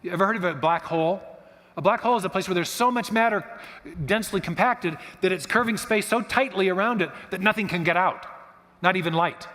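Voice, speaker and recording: A guest speaker delivers a lecture-style talk, explaining things in a lively storytelling way that frequently stops and restarts. His voice is fairly high for a man. A large church hall lends the recording a long reverb.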